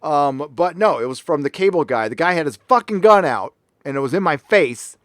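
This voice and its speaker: A man's voice: on the high side, animated, brisk, a bit bright, no echo. A middle-aged man hosting a casual panel show from his home recording room, telling a story animatedly and swearing freely. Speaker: podcast host.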